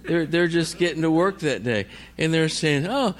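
A man's voice: fairly high pitch, moderate pace. A middle-aged man, a missionary preacher, telling a story in a sermon and acting out every voice in it.

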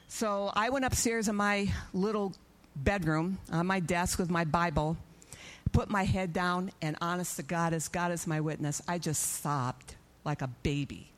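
Lower-voiced woman telling an animated testimony. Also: measured pace. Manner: animated storyteller, acting out her own prayers and dialogue. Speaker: church speaker giving a testimony. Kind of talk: testimony in a church service.

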